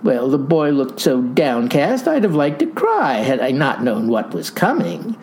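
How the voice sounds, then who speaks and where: A woman with a low, mellow voice tells a comic story in the first person, leaning on grand words and folksy asides. Her delivery is slow and unhurried, yet her pitch swings widely. A faint hiss of noise sits under the recording. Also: wildly swooping pitch. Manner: mock-grandiose, florid vocabulary, folksy asides.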